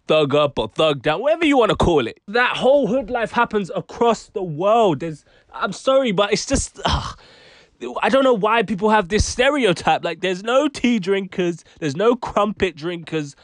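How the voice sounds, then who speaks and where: A man's voice: high voice, sing-song, normal speed, no room sound, studio quality. A young British man giving exasperated, slangy opinion commentary on a vlog. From United Kingdom. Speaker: commentary YouTuber.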